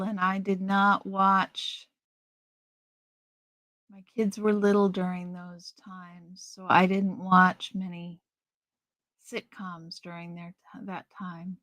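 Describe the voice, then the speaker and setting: Middle-aged woman host, unhurried and rambling, bright tense tone, dry close sound. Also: medium pitch, flat delivery, dry recording. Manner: chatty, slow, rambling with restarts. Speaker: live stream host. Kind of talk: casual live stream chat, reading out viewer comments.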